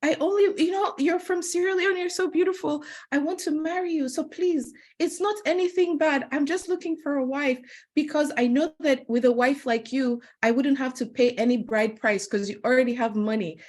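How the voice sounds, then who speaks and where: A woman voicing a flirtatious male police officer who pleads and coaxes in a soft, hushed way. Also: very high voice, fairly even intonation, normal speed, pitched above the performer's own voice. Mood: coaxing. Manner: pleading, coaxing.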